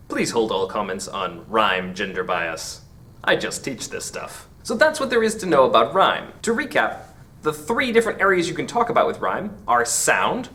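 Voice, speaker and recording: A man's voice: mid-range voice, fairly bright tone, far from the mic. A man teaching a literature lesson, reading poem lines aloud and explaining them with wry asides.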